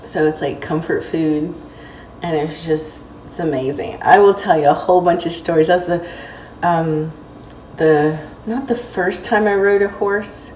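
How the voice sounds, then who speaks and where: A woman talking through a casual vlog, heartfelt and rambling with lots of fillers. Her voice sits a little low and comes from some way off the mic. The room is echoey, with faint ambience behind her. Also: a little slow, darkish tone, recorded from a distance, a little hiss or hum. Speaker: vlogger.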